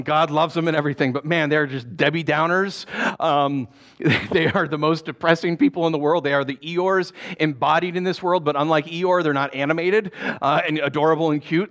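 A male pastor preaching a sermon in an animated, jokey way, acting out the people in his stories. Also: a little high.

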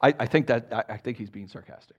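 A man preaching a sermon to his congregation, chatty and animated, often tossing in "right?", and dropping soft and low when he reads scripture. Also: fast. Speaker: pastor.

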